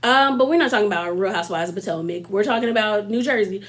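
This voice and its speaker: A woman's voice: medium pitch, fast talker. A young woman in her twenties giving a chatty, slangy recap of a reality show, talking straight to viewers and mocking cast members' lines in put-on voices. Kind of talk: casual episode recap commentary.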